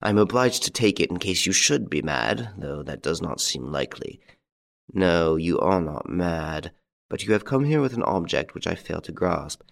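A man voicing a grave, sorrowful aristocratic baron in an audiobook, speaking calmly and formally. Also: low voice, creaky, exaggerated voice. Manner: calm, formal, restrained.

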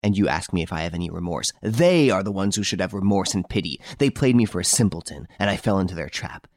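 A man voicing a proud, irritable gentleman thief in an audiobook, given to mocking, indignant outbursts. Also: sits low, lively intonation, fast talker, no echo, studio quality. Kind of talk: audiobook character reading.

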